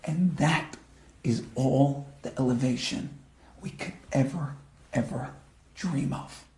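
A man slowly and earnestly closes his holiday talk with a blessing in a dark, gravelly voice. The recording is echoey, as if made in a roomy hall. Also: medium pitch. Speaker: rabbi giving a holiday talk. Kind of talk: closing blessing of a sermon.

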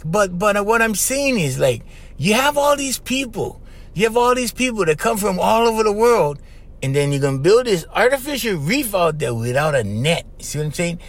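With a high, sing-song voice at normal speed, a middle-aged man from Hawaii hosts a laid-back podcast on his own, his English colored by Hawaiian Pidgin. He rambles and chuckles, capping lines with "right?" and "okay?".

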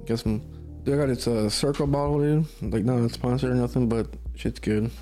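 Brief: male podcast storyteller, casual and laid-back, mid pitch, soft music underneath. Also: brisk. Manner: laid-back, swearing asides.

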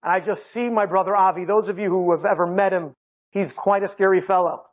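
A man's voice: sits high, steady tone, fairly quick. A man telling a personal story to an audience with humor and energy, laughing often. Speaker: inspirational speaker.

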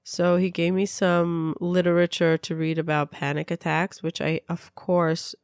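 A middle-aged woman from Israel tells a personal story in an earnest, heartfelt way, doubling her words for weight. Her voice sits low with a gravelly edge, and the sound is close and dry. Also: flat delivery, unhurried, darkish tone, no echo. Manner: earnest, repeats words for emphasis. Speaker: speaker sharing a personal story.

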